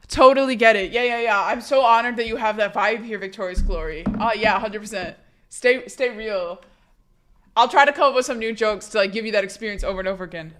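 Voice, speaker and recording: Young woman streamer, hoarse, chatty and swearing, a little high. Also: brisk, fairly bright tone. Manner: chatty, profane, laughing, reading chat aloud. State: hoarse from being sick. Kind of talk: casual live-stream chat.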